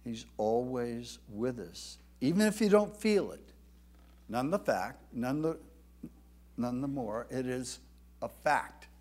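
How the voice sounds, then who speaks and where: A man preaching a sermon with emphatic delivery, rising loud when reading scripture aloud, with some halting restarts. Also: medium pitch, animated. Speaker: pastor.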